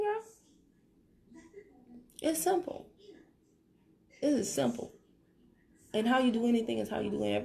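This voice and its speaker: A woman's voice: fairly high pitch, vocal fry, warm tone. A woman with a Southern American accent, talking casually and with sass to her team on a live video. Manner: sassy, joking, talks straight to viewers. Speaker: network marketing team leader. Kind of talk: casual live-stream talk.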